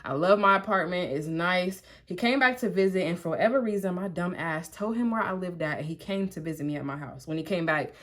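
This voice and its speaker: Young woman vlogger, chatty storytime, lively slang, acts out quotes. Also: fairly low pitch, fairly quick, hardly any pauses. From Columbus, Ohio. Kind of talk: storytime while getting ready.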